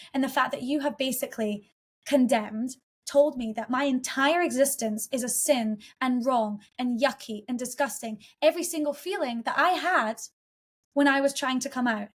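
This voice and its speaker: Woman podcast guest, higher voice, earnest and heartfelt personal storytelling. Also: moderate pace. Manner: earnest, heartfelt, with frequent restarts.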